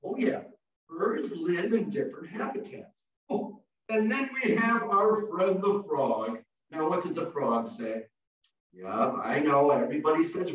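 Playful, animated man, echoey and distant. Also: fairly high pitch, a little slow. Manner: playful and theatrical, mimicking animal calls. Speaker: early childhood educator presenting. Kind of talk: animated demonstration for teachers. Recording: far from the mic, echoey and dull.

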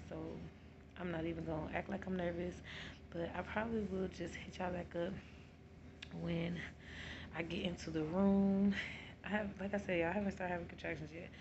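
Chatty young mom vlogging in early labor. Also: female voice, on the low side, creaky, dull audio. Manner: chatty, excited, slangy, laughing often. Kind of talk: casual vlog to camera. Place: home, then hospital room. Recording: noisy phone recording.

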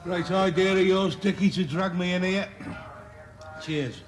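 Sitcom casting: an unhurried, fairly high-voiced husband, audience laughter behind. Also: male voice, crowd noise. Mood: easygoing. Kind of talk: sitcom acting.

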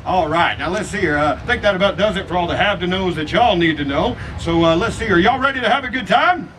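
A man's voice: high-pitched, lively intonation, fast. A man with a Texan accent announcing a live western comedy show, joking with the crowd in a folksy way. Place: outdoor fair stage. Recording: outdoor PA with crowd noise.

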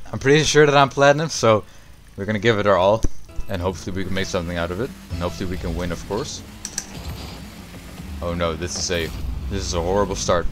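A young man commentating his own gameplay, excitable and foul-mouthed, shouting at big plays and griping about teammates. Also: deep voice. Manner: excitable, swears often, yells at big plays. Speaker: gaming YouTuber.

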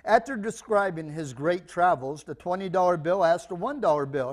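A man's voice: high voice, normal speed. A man preaching a sermon in a church, telling humorous stories and acting out the voices in them. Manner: animated storyteller, acts out voices in jokes. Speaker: pastor.

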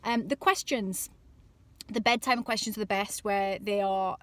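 With a steady tone and measured pace, a medium-pitched woman in her thirties delivers a casual comic monologue to camera about parenting. She's chatty and exasperated, slipping into little voices, and there's no echo.

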